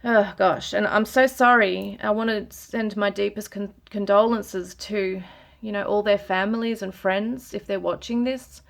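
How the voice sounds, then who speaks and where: A woman talking to her viewers while giving a tarot reading, earnest and emotional, with frequent pauses, sighs and ums. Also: mid-range voice, steady tone, vocal fry. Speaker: tarot reader. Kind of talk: casual spiritual reading to camera.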